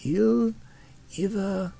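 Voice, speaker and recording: An eager young woman carefully sounds out each strange syllable, as a man reading a story puts her on. Her voice sits high and carries a gravelly edge. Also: extremely slow, warm tone, exaggerated voice. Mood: careful, earnest.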